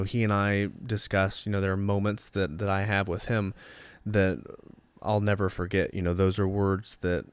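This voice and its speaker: A young adult man co-hosting a podcast, talking casually in halting phrases with many "you know"s. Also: low-pitched, clear, resonant tone, no room sound. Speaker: podcast co-host. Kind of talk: casual chat.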